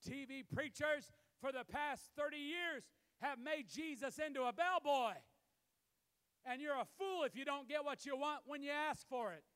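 A man preaching a sermon as pastor, building to shouted emphasis, recorded in a church. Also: very high voice. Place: church sanctuary. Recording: long hall reverb.

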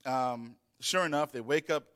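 A man's voice: medium pitch, normal speed, fairly bright tone. A man telling a personal story in a loose, rambling way, with many fillers and restarts. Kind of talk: casual storytelling.

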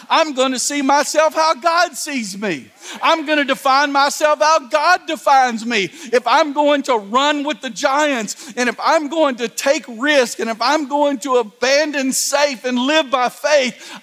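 In a large church hall whose long reverb fills the recording, a middle-aged man preaches as pastor in an extremely high, fairly bright voice. His delivery is forceful, repeating lines and urging the congregation to answer back.

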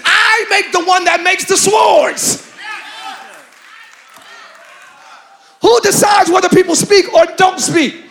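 God figure played by a preacher, insistent and pleading, high and shouted. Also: male voice, fairly even intonation, a little slow, slight background noise. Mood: commanding. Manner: emphatic preaching cadence with rhetorical questions. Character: God, an adult male deity pleading with a stubborn man.

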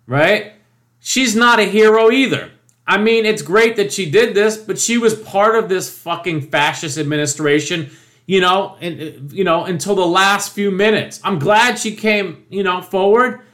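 A man's voice: sits high, a bit bright. A man delivering an indignant, profanity-laced political opinion monologue, emphatic and mocking. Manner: mocking quoted voices. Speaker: political commentator.

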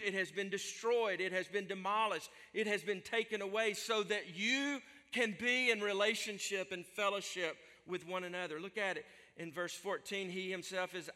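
A man's voice: high-pitched, pushed and bright, big-room sound. A man preaching a sermon as a pastor, emphatic and building phrases through repetition.

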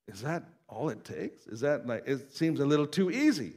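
A pastor delivering a sermon in a relaxed, conversational way, chuckling now and then and slipping into quoted voices. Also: male voice, a little high, normal speed, hardly any pauses. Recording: long hall reverb.

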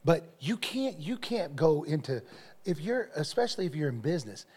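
A man's voice: on the high side, very animated, normal speed, a little mellow, slightly rough. A male pastor preaching a sermon, telling stories with energy and often repeating his phrases.

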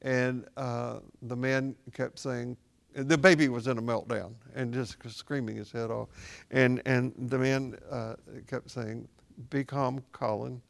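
A man, a spiritual director, talking casually about Buddhist practice as a reflective, gently wry storyteller. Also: medium pitch, fairly even intonation, measured pace, vocal fry.

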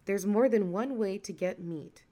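A woman's voice: mid-range voice, measured pace, close to an everyday voice. A woman voicing Uncle Buki, a greedy, scheming male trickster in a folktale, sly and sweet-talking when he wants something. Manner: sly, turns loud and panicked.

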